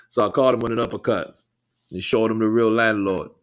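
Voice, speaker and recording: A man's voice: on the low side, fairly even intonation, fairly quick, smooth. A man hosting a boxing livestream, chatting loosely with viewers, rambling, swearing and laughing between thoughts. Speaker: livestream host reading chat. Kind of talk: casual live chat commentary.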